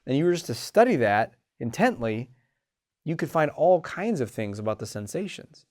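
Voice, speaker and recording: A man hosting a self-help show about confidence, talking in an animated way and acting out inner voices. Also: mid-range voice, normal speed. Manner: animated, acts out inner voices, frequent restarts. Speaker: host and confidence coach. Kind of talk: motivational self-help talk.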